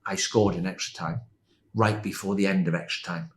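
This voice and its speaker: Older man spinning lively football stories. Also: sits low, a little fast. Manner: animated, laughs while telling stories. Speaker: podcast guest, former footballer. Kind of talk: anecdotal storytelling.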